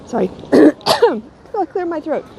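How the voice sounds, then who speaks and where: A middle-aged woman vlogs to a handheld camera held at arm's length, her delivery mocking and sardonic. Her voice sits a little high with a mellow, warm tone. Faint noise hums behind her. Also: very animated, slow, creaky. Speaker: YouTuber. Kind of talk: casual talking-head vlog.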